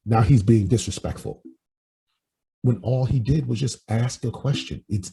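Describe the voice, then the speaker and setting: Blunt deep-voiced man in his forties. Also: mellow, slightly rough, rough recording. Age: 40s. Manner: blunt, opinionated, profane. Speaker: podcast host and life coach. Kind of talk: casual opinion chat.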